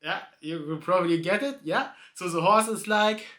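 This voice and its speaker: Rambling high-voiced man telling a joke. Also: expressive, normal speed, fairly bright tone, roomy sound. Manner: hesitant, self-correcting, many fillers and restarts. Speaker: video host telling a joke.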